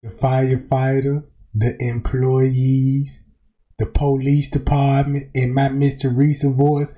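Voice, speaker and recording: A man giving animated, slangy commentary on a clip during a livestream, exclaiming and cutting in. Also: mid-range voice, measured pace. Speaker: stream host reacting to a clip.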